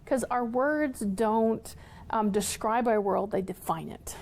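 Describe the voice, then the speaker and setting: Woman TV guest, reflective and measured, higher pitch. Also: a little mellow. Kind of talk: casual chat and book reading. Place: TV studio.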